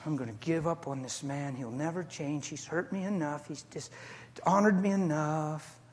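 A man's voice: fairly high pitch, moderate pace, long reverb tail, lightly acted. Man voicing a bitter, hurt wife. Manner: quiet, bitter, resentful.

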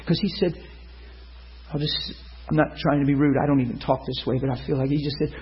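A man preaching a sermon, telling a story and acting out the people in it with sudden loud high bursts. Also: steady tone, fairly quick. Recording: muffled lo-fi sound.

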